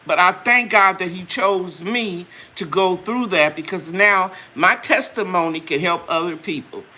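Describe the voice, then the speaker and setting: Speaking unhurriedly in a lowish, bright, forceful voice, an older channel host addresses viewers directly in an earnest, preachy way. She gives a fervent religious testimony on her live chat, then turns to pitching her products.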